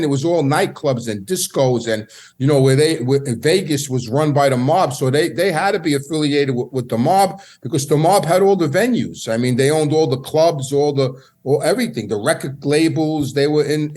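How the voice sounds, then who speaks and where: A middle-aged podcast guest with a higher, darkish voice tells stories from his past. His casual storytelling meanders, with repeated words and frequent restarts.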